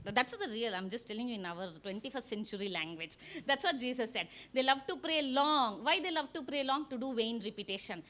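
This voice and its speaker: A woman pastor preaching a sermon, animated, asking the congregation questions and acting out quotes. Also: fairly high pitch, a little fast, few pauses. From India.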